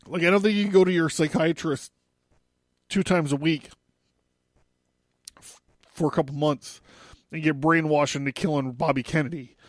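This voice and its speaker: A man's voice: a little high, steady tone, normal speed, pauses often, no room sound. A young man hosting a casual history podcast, rambling loosely with lots of fillers and asides. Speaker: podcast host.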